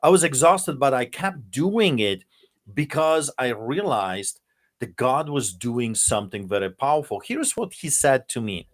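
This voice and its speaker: A man with a noticeable foreign accent, a pastor telling his story in an emphatic, forceful way. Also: medium pitch, very animated, unhurried. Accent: noticeable non-native English accent. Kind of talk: passionate storytelling.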